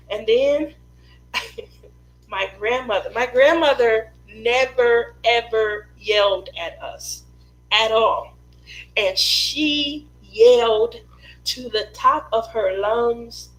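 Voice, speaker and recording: A chatty woman tells family stories on her craft live stream and laughs often. Her voice sits a little high. She talks at an unhurried pace. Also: a bit bright, low-quality recording. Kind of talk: casual storytelling chat.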